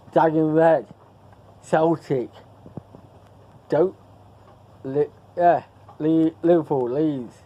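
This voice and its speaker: A man's voice: fairly high pitch, dull audio. A man chatting casually to camera in a vlog, rambling and repeating himself as he loses his thread. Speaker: vlogger.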